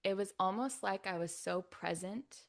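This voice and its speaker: On a podcast, a woman from California, USA, tells the story of giving birth in a chatty, relaxed way. She speaks at a normal speed with a medium pitch and vocal fry, keeping it soft-spoken, frequently dropping to a near-whisper, laughing, and using "like" often.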